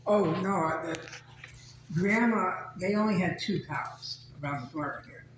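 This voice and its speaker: An older man recalls his childhood in an easygoing, reminiscing way. His voice sits a little high. The room rings with heavy echo, and a steady background noise runs under him. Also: normal speed. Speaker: group member. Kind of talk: casual storytelling. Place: community center meeting room.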